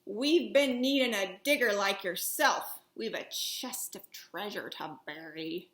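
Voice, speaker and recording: A woman voicing a loud, swaggering male head pirate captain who bellows old pirate talk. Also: mid-range voice, takes it slowly, roomy sound, voice pushed down. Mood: boastful.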